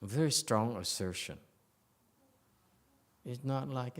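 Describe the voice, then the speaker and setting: A man's voice: medium pitch, animated, measured pace, vocal fry, darkish tone. A man giving a Buddhist dharma lecture in a meditation hall, blunt and teasing, with many fillers and restarts. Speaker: Buddhist master.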